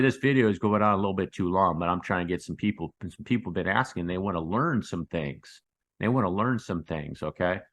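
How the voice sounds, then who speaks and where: A man hosting a casual chart commentary, rambling and repeating himself, calling his viewers guys and breaking into excited bursts. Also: sits low. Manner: excitable bursts with sound effects. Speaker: crypto channel host.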